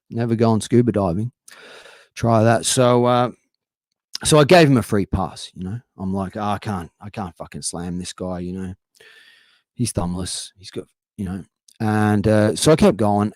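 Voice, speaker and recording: A man's voice: lowish voice, darkish tone, no echo. A young adult Australian man doing a rambling, swearing stand-up set over a livestream. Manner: swearing, rambling, conversational storytelling. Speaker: stand-up comedian.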